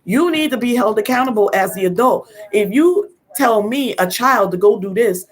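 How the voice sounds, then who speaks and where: This grandmother's voice is fairly high and animated at a normal speed as she hosts a casual parenting live stream. She tells stories in a firm, no-nonsense style, acts out the dialogue, and sometimes clears her throat.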